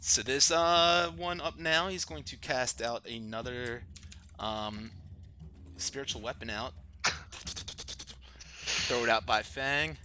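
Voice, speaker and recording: A man's voice: medium pitch, slow pace, long pauses, bright, forceful tone, slight background noise. Laid-back man running a tabletop game. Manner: descriptive, easygoing, laughs often. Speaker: dungeon master. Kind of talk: narrating a tabletop game live stream. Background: background music.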